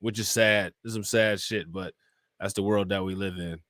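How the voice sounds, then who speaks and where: A man with a fairly low, steady voice and a fairly bright tone talks at a moderate pace, studio quality with no echo. He hosts a live-stream crime show, giving casual commentary as he reads charges and reports aloud, reacts, and presses viewers with "you know what I'm saying?" His style stays loose and conversational throughout.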